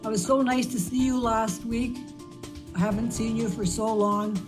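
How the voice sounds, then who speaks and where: A woman's voice: on the high side, fairly even intonation, moderate pace, music in the background. Older woman sending a tender message. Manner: tender, affectionate, blessing. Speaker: relative in a recorded video message. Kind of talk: heartfelt recorded message.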